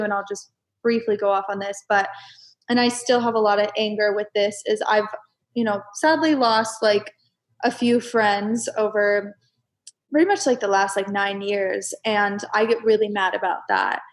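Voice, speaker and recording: Young woman, podcast guest, open and emotional, bursts of animated exclaiming. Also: medium pitch. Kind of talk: casual chat.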